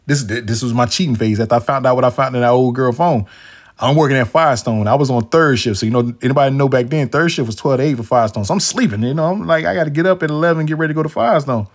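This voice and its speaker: Fast-talking animated man telling stories. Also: mid-range voice. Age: adult, past his younger days. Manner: animated storyteller, acts out quotes in shifting voices; swears freely, slangy street talk. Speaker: podcast host. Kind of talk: casual storytelling chat.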